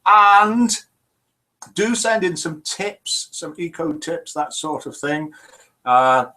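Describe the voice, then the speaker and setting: He speaks slowly in a high-ish, pushed, bright voice with lively intonation. As host of a casual live online chat show for over-50s, he reads viewers' messages out in a chatty manner.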